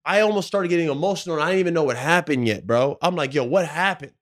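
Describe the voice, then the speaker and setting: A man in his thirties, a podcast co-host and former pro basketball player, tells an emotional story in a rapid-fire, expressive voice on the high side. His casual talk is slangy and profane, packed with "like" and "bro."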